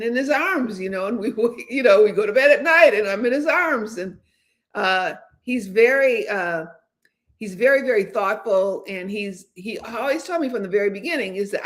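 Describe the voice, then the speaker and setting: Hosting a casual livestream, a woman in her seventies chats candidly and rambles, with frequent fillers and restarts. She speaks at normal speed with medium pitch, lively intonation and a fairly bright tone.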